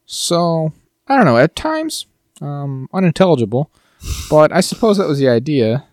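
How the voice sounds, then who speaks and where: A man co-hosting a podcast, chatting casually in an animated, rambling way and repeating words as he goes. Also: a little high, moderate pace, no echo, studio quality. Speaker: podcast co-host. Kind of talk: casual chat.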